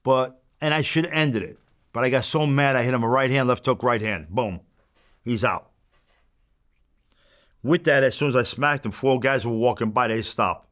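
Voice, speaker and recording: Here is a man sitting for an interview, spinning a long story in a blunt, profane way. He acts out both sides of the exchanges as he goes, in a voice of ordinary middle pitch. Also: normal speed, pauses often, a bit bright. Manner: blunt, profane, re-enacts exchanges as he tells them. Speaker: interview guest.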